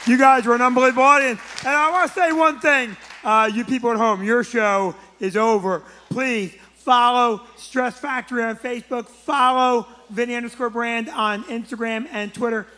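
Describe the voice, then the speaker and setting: A man hosting a live comedy club show, closing it out with loud, excited plugs and shout-outs to the performers. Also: very high voice, moderate pace, few pauses, some chatter behind. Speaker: club owner and show host. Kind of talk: live show sign-off announcements.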